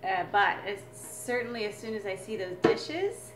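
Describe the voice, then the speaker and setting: A woman's voice: mid-range voice, lively intonation, normal speed, over loud music. A woman teaching a drumming exercise as a mother, explaining in an earnest, reflective way. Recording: echoey room with drums.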